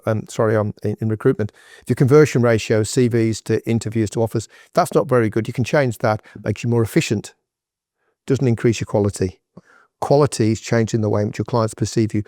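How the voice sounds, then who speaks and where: A man's voice: mid-range voice, warm tone, no echo, clean studio sound. Emphatic man giving business advice. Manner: emphatic, direct, conversational. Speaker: guest entrepreneur. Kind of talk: podcast interview, advice.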